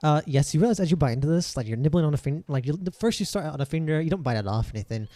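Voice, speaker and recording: A man's voice: on the high side, lively intonation, racing, warm tone, no room sound. A man narrating as game master in a tabletop game, in a rambling, casual way.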